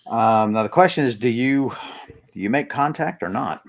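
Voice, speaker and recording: A man narrating as game master of a tabletop role-playing game, halting with many ums and pauses. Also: mid-range voice, expressive, slight background noise.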